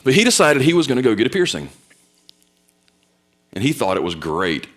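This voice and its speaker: A young man preaching a sermon, telling stories with loud bursts and quiet asides. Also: medium pitch, big pitch swings, fairly quick. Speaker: pastor.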